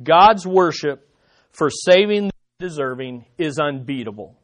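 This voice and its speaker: Guy preaching a sermon, kinda high voice, keeps hammering the same question over and over, really emphatic. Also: animated, measured pace. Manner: emphatic, repeating rhetorical questions.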